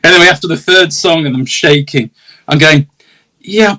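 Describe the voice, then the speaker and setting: A man's voice: fairly high pitch, a little fast, pushed and bright, low-quality recording. A middle-aged man with an English accent, a guest telling anecdotes in a casual interview, laughing often and acting out the voices in his stories.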